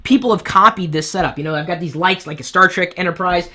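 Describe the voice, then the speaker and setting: A man with a high-pitched voice hosting a live-streamed web show from his studio set, talking candidly and from the heart into a boom mic on top of the camera. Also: fast. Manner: animated, candid, speaks from the heart. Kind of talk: live-streamed advice talk. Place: home studio set with lights.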